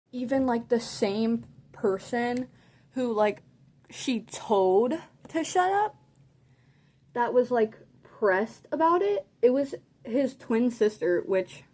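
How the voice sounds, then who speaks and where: A woman telling a story in a casual, animated way, saying "like" a lot and often laughing mid-sentence. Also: fairly high pitch, very slow, long pauses. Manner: chatty and animated, heavy use of "like". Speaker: vlogger.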